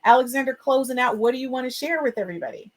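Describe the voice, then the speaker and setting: A woman's voice: high-pitched, rapid-fire. A woman hosting an education podcast, chatty and upbeat, with frequent fillers. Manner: expressive and emotional. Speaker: podcast host. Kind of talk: casual podcast talk.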